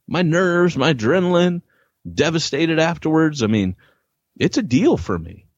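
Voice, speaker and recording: A lively, husky-voiced man, a podcast co-host and church planting author, chats casually in a podcast conversation at a moderate pace. He's an animated storyteller who acts out quotes with big pitch jumps, and the dry, dull lo-fi audio has no echo.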